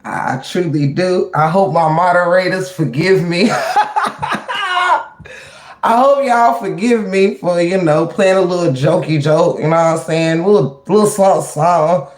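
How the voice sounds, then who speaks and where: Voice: medium pitch, normal speed, few pauses, a little mellow, reverberant. A livestream host chatting casually with viewers, laughing often, turning preachy and motivational, and greeting chat members by name. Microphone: webcam or phone mic.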